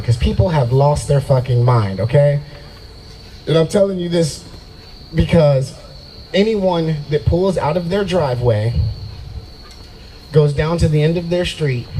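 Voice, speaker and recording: A man's voice: fairly high pitch, dark tone, poor audio. A young man doing a brash, profane stand-up set at an open mic night in a brewery and riffing with the crowd. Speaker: stand-up comedian.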